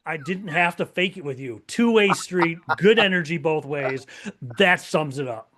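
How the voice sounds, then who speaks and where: Podcast guest, male, lively and emphatic, slightly high voice. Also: moderate pace, background noise. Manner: lively, emphatic, talks through ideas with restarts. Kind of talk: casual interview talk.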